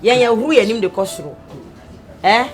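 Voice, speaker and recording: A lively, sharp-tongued worker, played by a woman. She scolds and mocks in a bouncing voice over light music. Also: fairly high pitch, fairly quick, close to an everyday voice. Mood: scolding. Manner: mocking, scolding.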